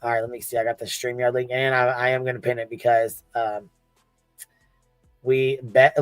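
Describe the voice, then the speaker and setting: Man hosting a livestream; loose, profane, quick to laugh; dry sound with faint music under. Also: mid-range voice, little pitch movement, clear, resonant tone, no echo. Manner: profane, laughing, banter with chat. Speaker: livestream host. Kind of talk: casual livestream chat.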